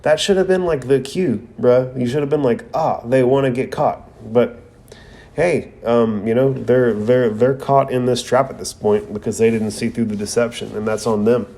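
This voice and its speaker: A man's voice: mid-range voice, steady tone, moderate pace, vocal fry, mellow. A man hosting a podcast, recapping an anime episode in a casual, slangy way with asides.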